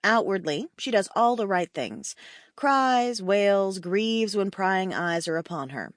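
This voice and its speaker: A woman tells a first-person story in a wry, expressive voice whose pitch moves lively up and down. She reads into a studio mic with a close, dry sound. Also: takes it slowly, no room sound. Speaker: audiobook narrator. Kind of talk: first-person audiobook narration.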